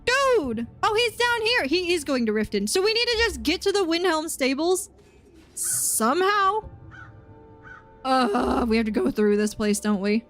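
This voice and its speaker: A woman streaming a game, chatting casually and excitably, yelping and laughing as she plays. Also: high voice, unhurried, soft background music. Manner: chatty and excitable, yelps and laughs while playing. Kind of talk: casual gaming commentary.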